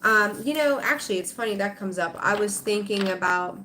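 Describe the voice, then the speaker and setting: A woman's voice: mid-range voice, animated, brisk, pushed and bright, a little hiss or hum. A middle-aged woman hosting a tarot livestream, chatting with viewers in an emotional, rambling way full of fillers and restarts. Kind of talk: casual livestream chat with viewers.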